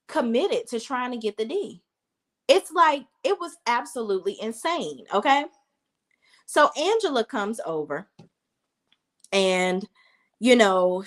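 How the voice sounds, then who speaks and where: A woman hosting a casual recap vlog, chatty and animated, talking straight to her viewers. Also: medium pitch. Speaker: reality TV reviewer.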